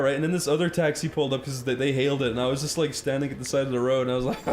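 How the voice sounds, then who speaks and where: A man's voice: fairly high pitch, racing, few pauses. A young Irish man on a casual podcast, telling a long story with lots of laughter. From Ireland. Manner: animated, breaks into laughter while telling a story. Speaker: co-host.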